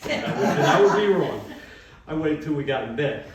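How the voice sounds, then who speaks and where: A brash older man telling profane stand-up stories with a fairly high voice. The voice bounces around a very echoey room and is heard from far off. A live audience sits close by. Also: lively intonation, normal speed, a crowd in the background. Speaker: stand-up comedian. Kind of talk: stand-up comedy. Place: former yoga studio.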